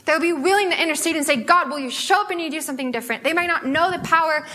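Young American woman preacher with a high, bright voice, animated storytelling, filler-heavy and chatty. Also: rapid-fire. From United States. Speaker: guest speaker at a student fellowship. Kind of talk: testimony sermon.

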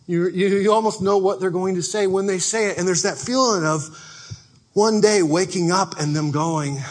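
Husky-voiced man preaching a lively sermon. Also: high voice, normal speed. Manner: conversational and animated, acting out everyday people. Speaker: pastor.

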